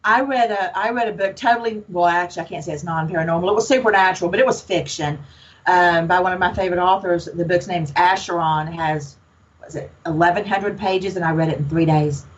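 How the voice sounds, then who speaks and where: A paranormal investigator from Alabama, appearing as a podcast guest, chats casually with a Southern accent, outspoken and folksy. Her voice is fairly low and she talks fast, over lo-fi sound.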